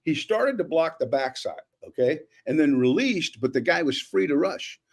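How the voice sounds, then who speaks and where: An older man, a former football coach, breaking down game film in a lively, rambling way, acting out old conversations. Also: on the high side, moderate pace. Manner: animated, acts out quotes, many restarts. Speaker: former offensive coordinator, analyst.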